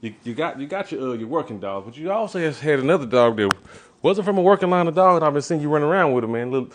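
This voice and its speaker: A man hosting a casual interview, asking questions in a relaxed, slangy way and often speaking softly. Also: on the high side, fast talker, noisy background. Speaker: interview host.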